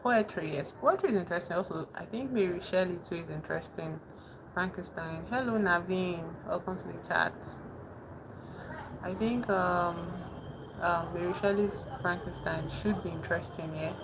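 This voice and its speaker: A young woman chatting casually with her live-stream chat, soft-spoken and calling herself very emotional. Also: fairly low pitch, normal speed, gravelly. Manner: soft-spoken, thanks chat warmly, says she is very emotional. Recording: noticeable background noise.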